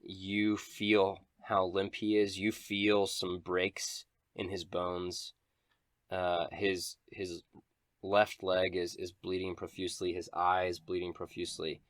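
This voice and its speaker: A man runs a tabletop game as game master in a deep, low voice. He narrates scenes in a descriptive, dramatic way. The recording is dry and close. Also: completely flat delivery, slow pace, dry recording.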